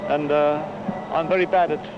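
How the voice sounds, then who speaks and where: A man's voice: on the high side, fairly even intonation, normal speed, background noise. A man, a writer, answering interview questions with dry, self-mocking humour. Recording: lo-fi with music behind.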